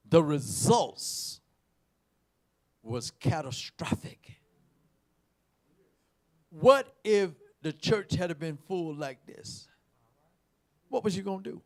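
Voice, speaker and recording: Male preacher, gravelly and high, big swings, unhurried delivery, shouts then drops low. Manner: emphatic, repeats words, swings from shouts to low asides. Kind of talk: sermon.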